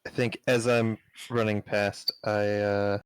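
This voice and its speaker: Slow, smooth-voiced man player. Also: fairly low pitch, flat delivery, no echo. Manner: slow, easygoing, with ums. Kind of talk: casual tabletop play.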